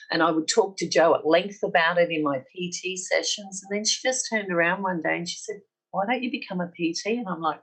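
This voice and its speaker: A woman's voice: lowish voice, moderate pace, a bit bright, husky, poor audio. A middle-aged woman with an Australian accent, earnestly telling her personal story on a podcast and acting out the dialogue she quotes. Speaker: podcast guest.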